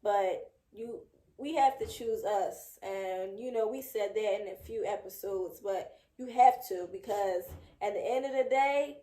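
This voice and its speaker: A woman's voice: medium pitch, measured pace, dark tone. A woman in her thirties co-hosting a podcast, speaking frankly and emphatically in casual chat. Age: 30s. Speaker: podcast co-host. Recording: echoey room.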